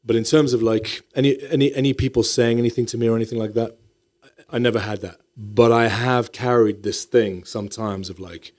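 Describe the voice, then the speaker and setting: A man's voice: mid-range voice, fairly even intonation, a little fast, few pauses, a little mellow. A middle-aged man from Morocco, a guest actor in a casual podcast interview, talking thoughtfully and often restarting his sentences. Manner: thoughtful, many restarts and repeated words.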